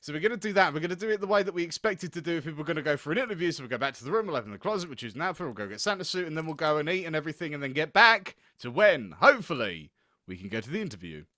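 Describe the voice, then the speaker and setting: Giggly high-voiced young man gaming. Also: big pitch swings, racing, bright, forceful tone, dry recording, clean studio sound. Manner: giggly, rambling, thinking aloud. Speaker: gaming video host. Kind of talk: let's play commentary, reading game text aloud.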